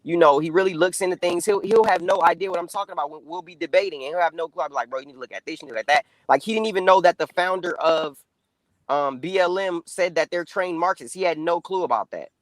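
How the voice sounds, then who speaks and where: A man's voice: sits high, quick pace, poor audio. A man speaking as a guest in a casual political discussion, loose and conversational with lots of fillers.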